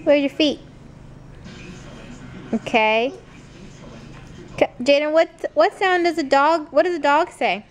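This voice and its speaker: A woman's voice: sits high, expressive, measured pace, long pauses. A young woman vlogging casually, chatting and playing with her toddler in a sing-song way. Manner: chatty, playful baby talk with her toddler. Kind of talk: casual family vlog.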